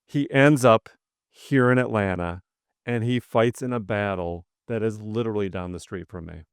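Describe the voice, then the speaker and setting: A man from Wisconsin with a Midwestern accent, talking casually as a podcast co-host. His voice sits low and sounds smooth and resonant, and the recording is dry and close. He tells his stories with eager enthusiasm. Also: normal speed, no echo. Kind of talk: casual chat.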